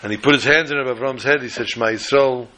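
A man telling religious stories in an animated, dramatic way, repeating phrases for effect. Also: mid-range voice, very fast, a little hiss or hum, poor audio. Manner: animated, dramatic storytelling with repetition. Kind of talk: storytelling lesson.

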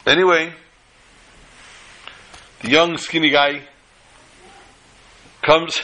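A man telling a story aloud, acting out the characters' lines with a raised, excited voice. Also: mid-range voice, normal speed, rough recording. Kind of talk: animated oral storytelling.

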